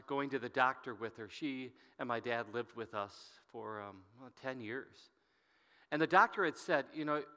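Earnest pastor in an echoing hall. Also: male voice, medium pitch. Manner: earnest and halting, often dropping to a hushed voice. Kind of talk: sermon storytelling. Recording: long reverb from a hall.

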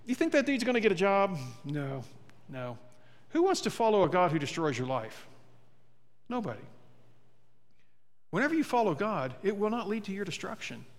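High-voiced pastor in a reverberant hall. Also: male voice, big pitch swings, normal speed, long pauses. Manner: conversational, humorous, acts out quoted voices. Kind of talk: sermon. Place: church sanctuary. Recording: long church hall reverb.

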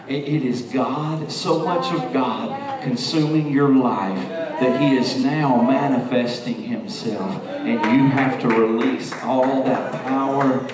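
A man preaching a sermon as pastor, swinging from soft and intimate to loud shouting, with many repeated "and, and" restarts. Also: medium pitch. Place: large church sanctuary. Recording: very echoey church hall, distant mic, congregation noise. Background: congregation.

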